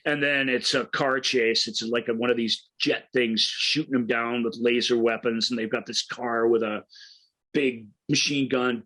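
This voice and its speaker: A man in the middle of a casual film discussion, talking at an ordinary pitch. He retells scenes with real enthusiasm and often restarts his sentences as he goes. His delivery is loose and conversational rather than scripted. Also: steady tone, moderate pace, bright, forceful tone, low-quality recording. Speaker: film podcast co-host.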